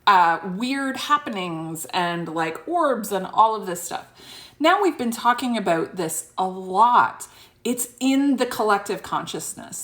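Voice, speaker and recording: Chatty woman vlogger, rambling. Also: mid-range voice. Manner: chatty, rambling, many fillers and asides. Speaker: spiritual vlogger. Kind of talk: casual chat to camera.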